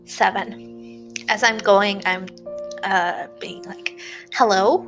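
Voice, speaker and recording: A woman playing a tabletop game, speaking slowly and with some hesitation. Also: medium pitch, flat delivery, fairly bright tone, soft background music, rough recording. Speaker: player.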